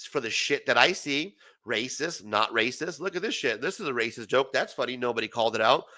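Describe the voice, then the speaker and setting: A man's voice: medium pitch, expressive, brisk, pushed and bright. A man hosting a late-night livestream, ranting in a profane, rambling way and laughing often, his voice tired and starting to fail. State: voice failing, tired. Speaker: livestream host.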